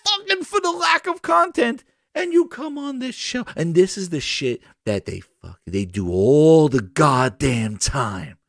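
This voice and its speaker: A man's voice: a little high, very animated, unhurried, fairly bright tone, dry recording, clean studio sound. A man hosting a gaming podcast, ranting angrily and swearing, often stammering and repeating himself. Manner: heated and profane, repeating himself. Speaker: podcast host. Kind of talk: angry gaming rant.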